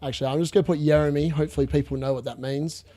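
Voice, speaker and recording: A young man hosting a live fantasy football watchalong, excitable and gloating, laughing often and repeating himself. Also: on the high side, very fast. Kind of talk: live stream commentary.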